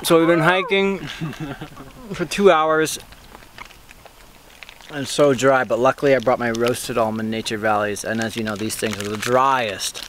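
A man's voice: medium pitch, measured pace, pauses often, fairly bright tone, slight background noise. A young man talking to a handheld camera outdoors on a hiking trail, upbeat and joking. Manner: upbeat, joking, laughs a lot. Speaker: vlogger. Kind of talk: casual hiking vlog.

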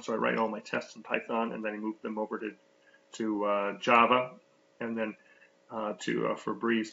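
A man giving a casual, screen-recorded software demo, thinking aloud with many fillers and restarts, heard on a slightly muffled recording. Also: mid-range voice, creaky.

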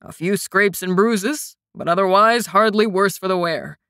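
A woman's voice: mid-range voice, unhurried, fairly bright tone, clear, resonant tone, no echo, clean studio sound. A woman voicing a jovial, good-humored older man with a hearty delivery.

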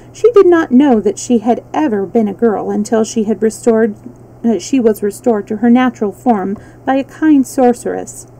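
A woman reading a children's book aloud on a livestream, relaxed, with small slips she corrects. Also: fairly high pitch, low-quality recording. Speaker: storyteller. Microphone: livestream mic.

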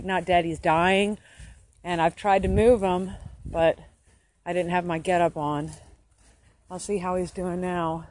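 A woman's voice: medium pitch, a little hiss or hum. Foul-mouthed woman livestreaming outdoors. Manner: swears a lot, swings between stressed and delighted. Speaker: beekeeper livestreaming her hives. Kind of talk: casual livestream. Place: outdoors at backyard beehives. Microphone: phone held while working.

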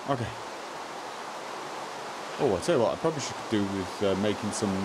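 A man streaming live gameplay, muttering to himself, repeating lines and breaking into excited outbursts. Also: medium pitch, a little fast, pauses often, noisy background.

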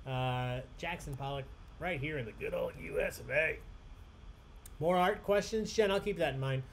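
A man's voice: a little high, moderate pace, vocal fry, fairly bright tone, a little hiss or hum. A man hosting a live online trivia game, chatty and upbeat, reading each question twice with emphasis. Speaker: trivia host.

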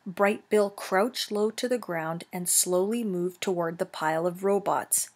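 A woman teacher reading a children's novel aloud, slow and careful, correcting herself now and then. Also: lowish voice.

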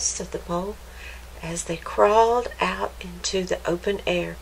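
A woman librarian reading a children's picture book aloud, with gentle, expressive storytelling. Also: fairly low pitch, unhurried, vocal fry, husky, poor audio.

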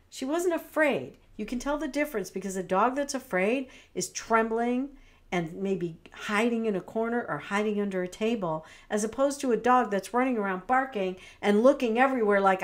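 A middle-aged woman, a dog trainer, giving friendly, conversational advice straight to the camera. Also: mid-range voice. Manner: friendly, conversational, acts out soothing phrases. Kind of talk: direct-to-camera advice talk.

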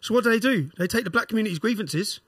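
A man's voice: high-pitched, lively intonation, rapid-fire, slightly rough, dry recording, studio quality. A middle-aged man with an English accent, a podcast guest telling a story in an emphatic way that keeps checking in with "yeah?". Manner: emphatic, fires "yeah?" tags at the listener. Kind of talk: storytelling and ranting.

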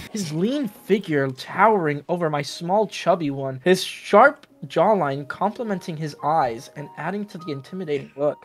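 A man reading a fanfic aloud in a casual comedic way, deadpan narration broken by outbursts. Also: a little high. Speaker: fanfic reader.

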